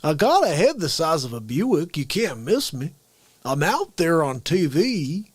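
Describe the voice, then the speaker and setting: Brief: boastful, salesy TV advice doctor with a folksy drawl, as impressed by a man, lively swings in pitch. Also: a little slow, husky, no room sound, exaggerated voice. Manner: salesy drawl, over the top.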